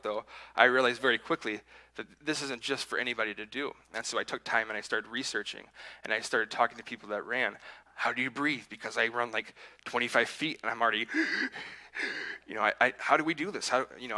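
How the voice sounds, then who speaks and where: Bright-voiced man preaching conversationally. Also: medium pitch, quick pace, low-quality recording. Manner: conversational, self-deprecating, acts out his inner voice. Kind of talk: sermon with personal story. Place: church sanctuary.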